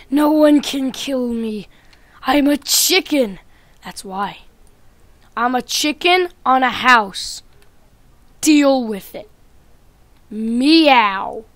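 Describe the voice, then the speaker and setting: A woman with a high, bright-sitting voice teases other players through her gameplay commentary. She takes her time with the words, swinging from loud taunts down to quiet muttering. The sound is dry and close, with no room around it. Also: animated, drawn-out words, pauses often, no echo. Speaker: gaming YouTuber.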